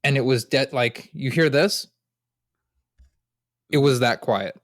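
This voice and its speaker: A young man and podcast co-host telling stories in casual chat, animated, swearing freely and laughing often. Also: mid-range voice, slow, no room sound, studio quality.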